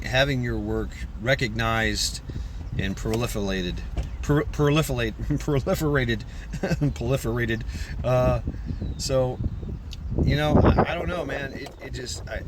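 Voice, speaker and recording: A man's voice: mid-range voice, a little slow, noisy background. A man talking casually to his channel's viewers, rambling and swearing, often repeating his words. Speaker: channel creator. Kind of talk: casual vlog monologue.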